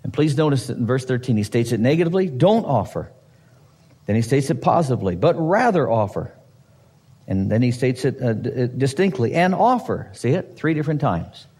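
Husky-voiced man preaching, bouncy pitch, lots of emphasis, jokes here and there, long echo like a church. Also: a little fast. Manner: animated, emphatic teaching with asides and humor. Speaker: pastor. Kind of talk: sermon. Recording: husky voice in a hall with long reverb.

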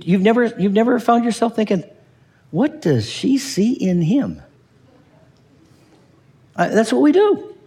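A man's voice: high voice, big-room sound. A man preaching a sermon in church, acting out quoted voices and asking his listeners questions. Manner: animated, acts out quoted voices, asks the audience questions. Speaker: pastor.

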